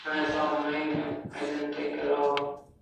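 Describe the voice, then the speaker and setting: A woman being questioned by police, talking haltingly and unsure of what she remembers. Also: low-pitched, completely flat delivery, creaky, background noise. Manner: hesitant, halting, unsure recall. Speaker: murder suspect under police questioning. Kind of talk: police interrogation. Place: police interview room. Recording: echoey room, distant mic, faint music.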